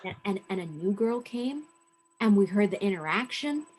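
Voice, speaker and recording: A woman's voice: medium pitch, lively intonation, normal speed, darkish tone, slightly rough. A woman co-hosting a podcast who talks casually and hesitantly, with lots of fillers and restarts. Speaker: podcast co-host. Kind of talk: casual chat.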